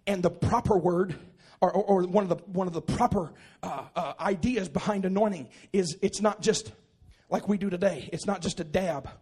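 A pastor preaching a sermon in a church, moving from quiet teaching to loud, shouted exhortation. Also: male voice, sits high, normal speed, few pauses, breathy edge. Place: church auditorium.

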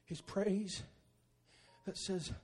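A pastor preaching a sermon in a church, moving from quiet teaching to loud, shouted exhortation. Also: male voice, high voice, steady tone, extremely slow, husky. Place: church auditorium.

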